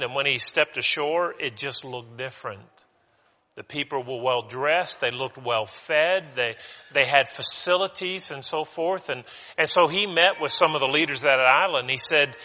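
A man's voice: mid-range voice, bright, forceful tone. A man preaching a sermon, telling a parable in an earnest way with restarts and repeated words. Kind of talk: sermon with a told story. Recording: long hall reverb.

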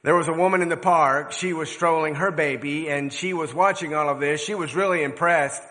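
An older man delivers a sermon with a fairly high, bright voice. He tells stories earnestly, leaning on words for emphasis. The sound rings out in a large hall with a long echo. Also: fairly even intonation. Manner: earnest storytelling preacher with measured, emphatic phrasing. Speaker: preacher.

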